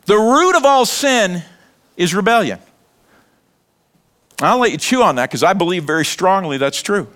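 A middle-aged man preaching a sermon in a conversational, animated way, joking and acting out little scenes. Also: sits high. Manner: animated, conversational preaching with laughs and acted quotes. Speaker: pastor.

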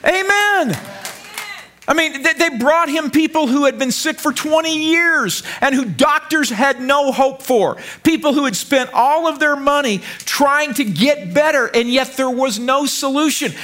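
A pastor from the United States, a man, preaching a sermon in an energetic, joking way, repeating lines and stumbling over words. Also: very high-pitched, normal speed, hardly any pauses.

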